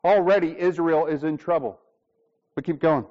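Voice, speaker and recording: A man with a high voice preaches to his church with strong emphasis. He asks rhetorical questions and acts out short exchanges. The sound is dull and lo-fi. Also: moderate pace, darkish tone. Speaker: pastor. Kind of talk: sermon.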